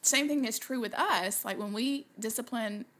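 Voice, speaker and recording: A woman's voice: fairly high pitch, normal speed, a bit bright. A woman co-hosting a casual podcast, speaking earnestly and reading scripture aloud. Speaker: podcast co-host. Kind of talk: casual chat.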